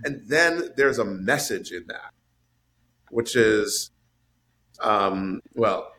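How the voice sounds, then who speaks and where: A man in casual podcast chat about a film, animated and swinging his voice up high for emphasis. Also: very slow. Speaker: podcast panelist discussing a film.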